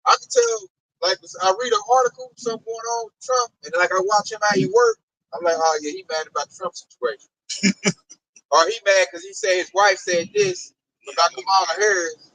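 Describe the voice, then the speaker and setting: A man talks in a casual group discussion, swinging his high voice up and down as he tells stories and swears freely. His tone is bright and sharp, and the sound is dry and close. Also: normal speed, gravelly, slight background noise, poor audio. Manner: animated, profane storytelling.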